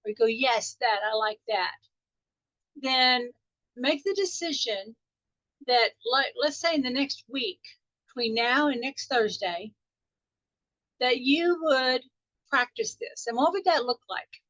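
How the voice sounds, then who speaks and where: A woman's voice: high voice, lively intonation, slow, pauses often, fairly bright tone, no room sound, muffled recording. Chatty woman on a call. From Texas. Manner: chatty, anecdotal, laughs often. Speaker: spiritual teacher. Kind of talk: group call talk, storytelling. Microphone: call audio.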